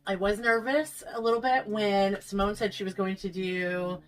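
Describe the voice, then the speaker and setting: A woman's voice: medium pitch, level tone, moderate pace, low-quality recording. A woman hosting a casual review chat, recapping scenes and laughing easily. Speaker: host.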